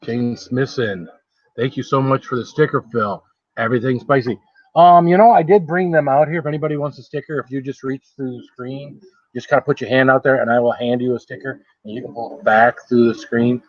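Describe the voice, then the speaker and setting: A man's voice: medium pitch, brisk, no room sound. Guy rambling on his live stream, greeting chat, dry close sound, kinda dull lo-fi audio. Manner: rambling and chatty, greets viewers by name. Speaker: food challenge livestreamer. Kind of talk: casual live-stream chat while eating.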